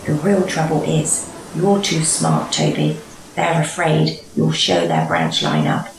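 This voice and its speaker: A woman's voice: fairly high pitch, a little slow, echoey room, noisy background, voice pushed up. A woman voicing a friendly, practical male engine driver in a storybook reading, plain-spoken and confiding. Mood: glum.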